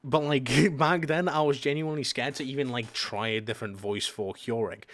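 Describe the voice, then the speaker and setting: A man's voice: medium pitch, a little fast, fairly bright tone. A man streamer in casual chat, rambling with lots of fillers and casual swearing.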